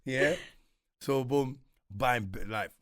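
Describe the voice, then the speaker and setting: This young man, originally from Congo and sounding thoroughly London, talks slowly in a mid-range voice. As an interview guest, he relaxes into lively personal anecdotes full of street slang, acting out what people said. The audio is dry and clean, like a studio.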